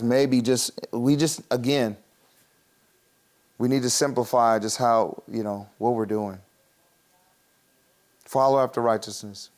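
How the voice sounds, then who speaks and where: A man preaching a sermon in a casual, conversational way, laughing often and acting out quick voices as he teaches. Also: mid-range voice, a little mellow, clean tone. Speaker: pastor.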